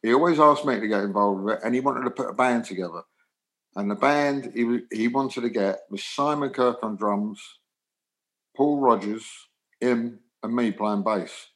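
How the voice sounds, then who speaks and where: Older English musician guest, chatty storyteller with animated delivery. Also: male voice, mid-range voice, moderate pace, poor audio. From England. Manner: animated anecdotes, acts out dialogue. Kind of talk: storytelling interview.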